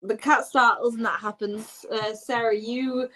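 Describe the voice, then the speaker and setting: A woman's voice: a little high, fairly even intonation, unhurried, pushed and bright, rough recording. A woman narrating as game master of a tabletop game, chatty and laughing often as she describes the scene.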